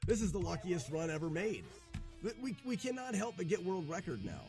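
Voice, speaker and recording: A man streaming a game and commenting live, excitable and shouting when he is thrilled. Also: sits high, fairly quick, soft background music.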